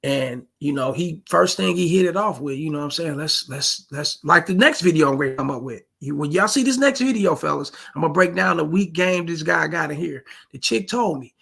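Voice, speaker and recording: A man with a husky, raspy voice and a gravelly edge delivers casual dating-advice commentary. He talks slangy and emphatic, constantly addressing his listeners as fellas and bro. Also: a little high, fairly quick, few pauses, pushed and bright.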